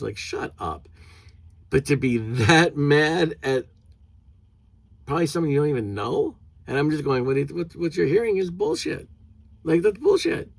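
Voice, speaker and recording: A man ranting angrily in a vlog, indignant and swearing, mocking others in a high put-on voice. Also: lively intonation, moderate pace, gravelly, no room sound. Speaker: vlogger.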